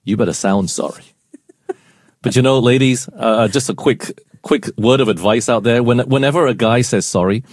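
A man's voice: medium pitch, normal speed, no echo, clean studio sound. A man co-hosting a casual Bible study show, explaining verses and asking his co-host questions.

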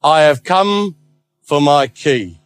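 A man voicing a calm, commanding male savior who speaks with solemn authority. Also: a little high, takes it slowly, clear, resonant tone, no room sound.

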